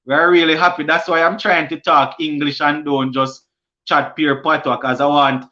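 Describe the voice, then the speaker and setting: On lo-fi stream audio, this young sports channel host with a Jamaican accent reads viewer comments aloud during a cricket live stream and answers them casually. His voice sits on the high side, bright and forceful, with a level tone at a moderate pace.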